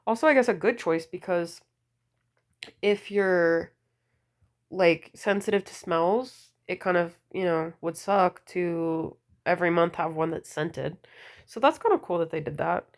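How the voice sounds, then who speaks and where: Chatty woman with a cold, low voice. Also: a little slow. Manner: chatty, gushing, filler-heavy. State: has a cold, voice deeper and slightly slurred. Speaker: nail polish vlogger. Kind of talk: casual wishlist chat.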